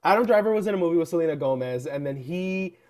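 A young adult co-host chatting casually on a podcast, at a middle pitch. The stories come out animated, full of fillers, with quick mimicry of the people in them. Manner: animated storyteller, acts out quoted people. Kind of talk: casual chat.

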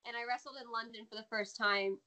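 An American woman, a former wrestler, chatting as a guest in an interview, animated and laughing often. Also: fairly high pitch, fast. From United States. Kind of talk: casual interview chat.

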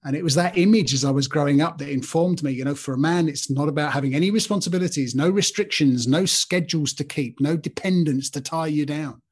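A man's voice: on the high side, a little fast, hardly any pauses, husky. A man in his fifties hosting a podcast, giving an earnest, informal Christian talk and speaking straight to listeners by name. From Britain. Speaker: podcast host.

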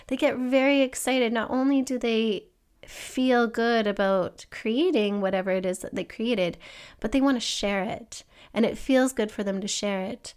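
A woman hosting a solo podcast, talking earnestly and gently encouraging listeners with questions for them to think about. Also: normal speed, clean tone. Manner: acts out an excited child in a higher voice. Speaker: podcast host. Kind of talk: reflective solo podcast monologue.

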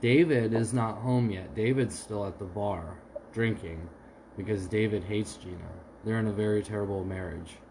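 In a casual podcast chat, this co-host spins joking, improvised stories. He speaks at a normal speed in a voice that's on the low side with a darkish tone. The recording is rough, and there's slight background noise.

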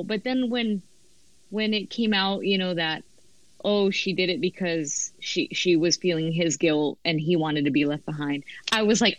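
Animated woman guest, dry sound. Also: on the low side, measured pace, dry recording, low-quality recording. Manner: animated storyteller, acts out reactions. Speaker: podcast guest. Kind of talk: casual review chat.

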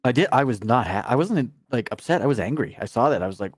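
An easygoing man from Canada co-hosting a gaming live stream. He chats casually and laughs often, and his mid-pitched voice sits close on a dry mic. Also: expressive, fast, husky, dry recording. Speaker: podcast co-host.

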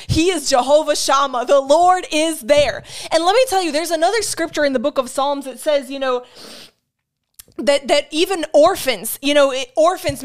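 High-voiced woman giving an earnest sermon. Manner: earnest and emphatic, repeats key phrases; shares personal testimony with feeling. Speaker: Bible teacher. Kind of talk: teaching sermon.

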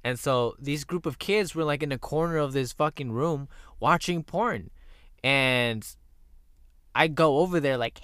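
A man's voice: on the high side, unhurried, a bit bright, smooth, dry recording, studio quality. A young man hosting a podcast, telling stories in a candid, profane, casual chat. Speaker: podcast host.

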